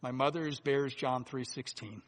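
A man preaching a sermon in a deliberate, earnest way, swinging between loud emphasis and hushed asides. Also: mid-range voice, fairly even intonation. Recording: long hall reverb.

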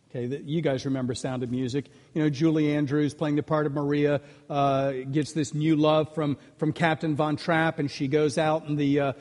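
A man's voice: fairly high pitch, a little mellow. An older man preaching a sermon, earnest and emphatic, with frequent restarts as he builds his points. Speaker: pastor. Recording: long reverb of a large hall.

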